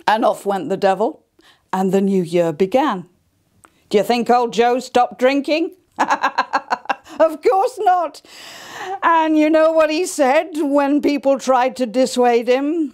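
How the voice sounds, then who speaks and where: A woman's voice: on the high side, slow, darkish tone. A woman from the Cotswolds telling a folk tale in a wry, theatrical way, talking to her audience. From Cotswolds, England. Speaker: storyteller. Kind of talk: live folk storytelling.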